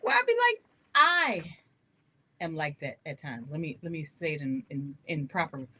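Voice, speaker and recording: A woman hosting a live gospel radio show, talking to listeners in an animated, candid way and laughing often. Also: deep voice, moderate pace, slight background noise. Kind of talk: live-streamed radio talk, testimony.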